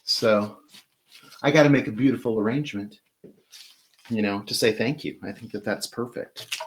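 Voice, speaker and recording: A man's voice: fairly low pitch, moderate pace. A man hosting a live flower-arranging demonstration, chatty and enthusiastic as he talks while working with his hands. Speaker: florist host.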